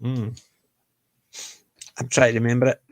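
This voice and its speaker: A man's voice: medium pitch, flat delivery, measured pace. A man talks in a casual chat, checking details and correcting titles as he goes. His voice sounds dry and close, with no room echo.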